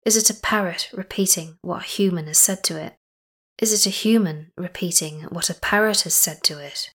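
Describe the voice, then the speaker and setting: A woman hosting a podcast, chatty and enthusiastic, sometimes dropping to a soft whisper. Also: fairly low pitch, normal speed. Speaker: podcast host. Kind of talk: casual podcast narration.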